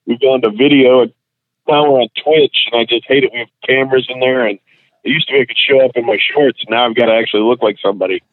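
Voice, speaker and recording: A man's voice: mid-range voice, fairly even intonation, fast, dry recording. A man, a comedian and voice actor, telling stories in casual chat and laughing through his anecdotes. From Houston, Texas. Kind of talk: casual storytelling. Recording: tinny phone line, dry.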